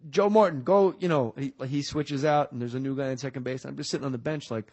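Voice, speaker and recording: A man's voice: mid-range voice, steady tone, quick pace, a little mellow. A man in his forties from New Jersey, a podcast guest who tells jokey stories and keeps slipping into other people's voices. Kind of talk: casual storytelling chat.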